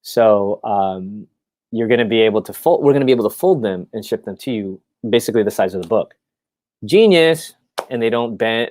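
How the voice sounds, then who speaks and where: A man with a fairly low voice hosts a casual live stream, rambling excitedly through his plans with plenty of ums and restarts. The sound is dry and close, with no room echo around him. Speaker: comic creator hosting a live stream.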